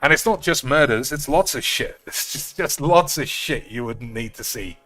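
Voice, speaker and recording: A man's voice: medium pitch, lively intonation, normal speed, a bit bright, soft background music. A man chatting casually and swearing freely while streaming a card game. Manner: rambling, sweary, offhand. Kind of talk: casual live-stream chat while gaming.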